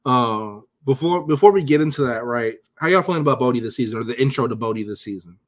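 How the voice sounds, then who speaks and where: A man's voice: mid-range voice, animated, fast talker. A man co-hosting a podcast, casually recapping scenes in a profane, joking way. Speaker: podcast co-host.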